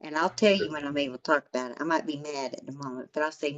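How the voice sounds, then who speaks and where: A woman's voice: deep voice, fast, highs cut off. An older woman, a grandmother, telling a story in a blunt, repetitive way during a casual chat. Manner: blunt, repeats herself for emphasis. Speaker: stream host.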